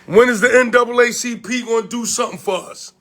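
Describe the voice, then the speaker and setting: A man from Connecticut with a notably high voice delivers a confrontational vlog rant. He swears freely and fires off repeated questions. He sounds like a community organizer calling people out. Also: steady tone, fast, pushed and bright. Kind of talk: heated direct-to-camera rant.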